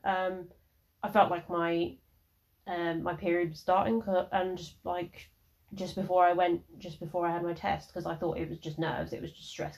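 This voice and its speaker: A woman's voice: on the low side, a little mellow. A young woman in her early twenties, hosting her podcast and telling a personal story in a frank, rambling way with lots of swearing. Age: early 20s. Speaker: podcast host.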